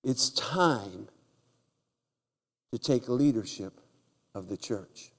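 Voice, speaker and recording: A man preaching a humorous sermon in a church, telling jokey stories and breaking into loud shouts. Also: mid-range voice, lively intonation, extremely slow. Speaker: guest preacher. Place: church sanctuary. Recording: large hall with long reverb.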